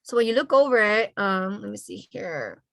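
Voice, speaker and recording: A woman teaching a language lesson over a video call. Her voice sits at an ordinary middle pitch, and the sound is dry and close with no room around it. She spells things out slowly and keeps checking in with "okay?" after each point. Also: animated, vocal fry, fairly bright tone, no room sound. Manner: slow, careful spelling-out of letters and sounds.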